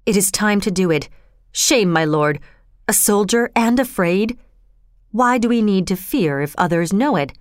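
A woman's voice: medium pitch, lively intonation, unhurried, no echo, studio quality, natural voice. A woman voicing a guilt-haunted sleepwalking queen who murmurs and commands in a distracted, dreaming way.

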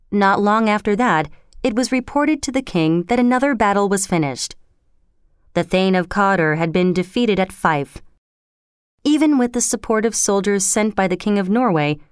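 Woman storyteller, measured narration, smooth resonant voice, dry close recording. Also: mid-range voice, no room sound.

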